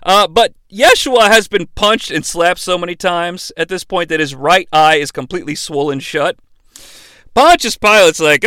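A man hosting a comedic movie recap, talking in a profane, animated and sarcastic way. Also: high-pitched, moderate pace, clean tone, dry recording. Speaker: host.

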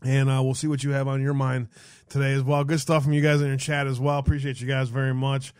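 A man hosting a call-in show, talking loosely and casually, often halting and swearing. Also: medium pitch, level tone, darkish tone, smooth, no room sound. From United States. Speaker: host.

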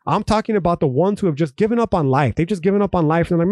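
A man's voice: on the high side, lively intonation, quick pace, few pauses, no echo, clean studio sound. A young man from Texas hosting a solo podcast, ranting emphatically with heavy profanity and frequent restarts. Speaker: podcast host. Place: home room.

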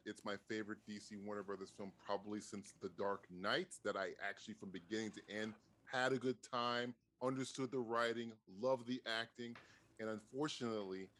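A man co-hosting a casual movie podcast, excitable and swearing freely as he talks. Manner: excitable, swears often, jumps between pitches. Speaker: podcast co-host. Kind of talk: casual movie review chat.

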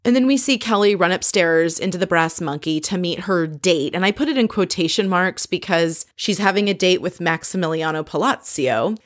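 A woman recaps a reality TV episode in a loose, chatty way, with a dry and sarcastic edge. Her voice sits slightly lower than most women's. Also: lively intonation, moderate pace, hardly any pauses.

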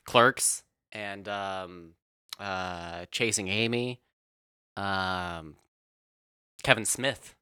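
A man's voice: deep voice, drawn-out words, long pauses, bright, forceful tone, smooth, no room sound, clean studio sound. A man co-hosting a podcast, chatting casually, rambling with lots of fillers and easy swearing. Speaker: podcast co-host. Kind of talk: casual chat.

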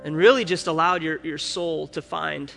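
A man's voice: a little high, fairly even intonation, moderate pace, vocal fry, fairly bright tone, faint music behind. A male pastor preaching a conversational sermon, candid and personal, often restarting his sentences. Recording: long hall reverb.

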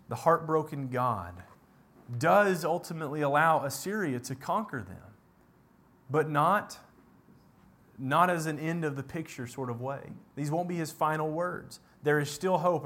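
A man preaching a sermon and reading scripture aloud, emphatic, swinging between loud stresses and hushed moments. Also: fairly high pitch.

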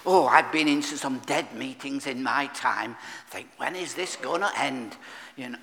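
Slow, bright-voiced male pastor preaching. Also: medium pitch, long reverb tail. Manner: frequent throat clearing. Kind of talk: sermon. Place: church.

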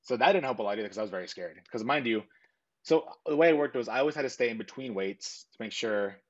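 A man's voice: medium pitch, lively intonation, quick pace, highs cut off. A young man telling a personal story in a casual, earnest way, full of fillers and quoted back-and-forth. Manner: earnest, rambling with frequent fillers and self-quotes. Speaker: interviewee.

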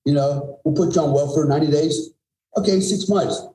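A man's voice: fairly high pitch, brisk, dark tone, slight background noise. A middle-aged man, a podcast guest, telling a story in a blunt, emphatic, profane way. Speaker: podcast guest, former special forces soldier. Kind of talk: conversational storytelling. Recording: roomy echo.

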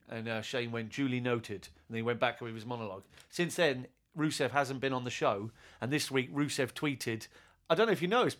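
A man talking at a rapid clip in a casual wrestling podcast chat. He rambles and restarts, eager and excitable, and his pitch sits in the middle.

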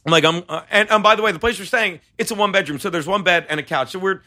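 A man casually telling stories on a podcast, excitable and swearing freely as he acts out quotes. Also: high-pitched, quick pace. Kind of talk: casual chat, animated storytelling.

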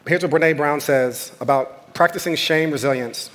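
A man's voice: fairly high pitch, normal speed, fairly bright tone. An American man, a pastor, preaching a sermon in a conversational but impassioned way, repeating phrases for emphasis.

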